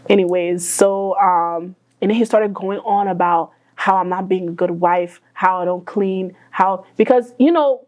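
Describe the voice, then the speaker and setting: A woman's voice: lowish voice, unhurried, few pauses, darkish tone, lo-fi sound. A woman who is a guest in an interview, telling her story in an emotional, casual way with many fillers.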